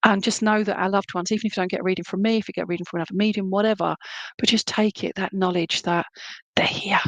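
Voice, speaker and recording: A woman giving live psychic readings to viewers, chatty and animated, humming tunes and relaying messages as she goes. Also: medium pitch, fast talker, no room sound.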